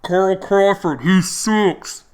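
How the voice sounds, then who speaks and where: A man voicing a blunt male sports fan who heckles passers-by through a megaphone, in a raised, higher voice than his own. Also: very slow. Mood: mocking.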